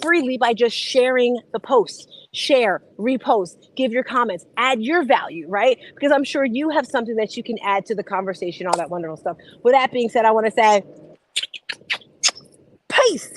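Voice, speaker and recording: A woman hosting a morning motivation show, talking in a bubbly, exclamatory, rapid-fire way. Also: a little high, poor audio. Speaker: host. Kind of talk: casual motivational chat.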